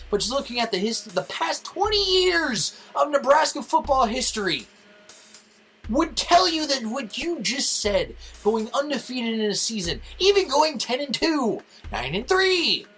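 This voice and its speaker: A man's voice: very high voice, pushed and bright, breathy edge, poor audio. A young man on a casual podcast, ranting about football in a heated, profane way. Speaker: podcast co-host.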